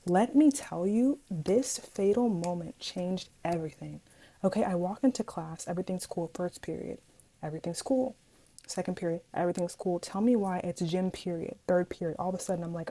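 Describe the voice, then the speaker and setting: Young woman, casual storytime, chatty and dramatic, slightly low, mellow voice. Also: poor audio. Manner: chatty, animated, dramatic asides, addresses viewers as guys. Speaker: vlogger.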